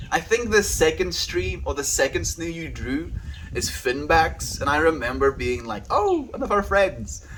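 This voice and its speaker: A man's voice: fairly high pitch, slight background noise. Laid-back rambling male streamer. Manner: laid-back, rambling, warmly thanks viewers by name. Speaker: daily livestreamer. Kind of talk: casual livestream chat with viewers.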